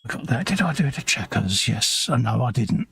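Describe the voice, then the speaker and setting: A man's voice: medium pitch, big pitch swings, normal speed, creaky, a bit bright, slightly rough, no echo. A middle-aged man, co-hosting a casual live stream and chatting in easygoing, matey banter while he paints. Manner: chatty, matey banter, says "mate" constantly. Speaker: co-host.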